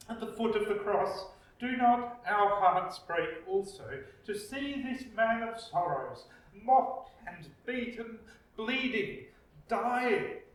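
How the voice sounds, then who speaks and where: A man with an Australian accent preaching a reflective sermon as pastor, slow with dramatic pauses. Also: very high voice, a bit bright. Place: church. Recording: echoey church, distant mic.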